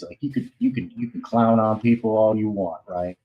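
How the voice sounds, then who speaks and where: A man's voice: low-pitched, moderate pace, mellow, muffled recording. A man hosting a comics talk stream in casual chat, rambling, loose and slangy, with many fillers.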